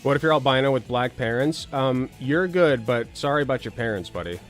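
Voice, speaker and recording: A man's voice: medium pitch, expressive, fairly quick, soft background music. A man hosting casual political commentary, rambling with sarcastic, crude jokes and swearing.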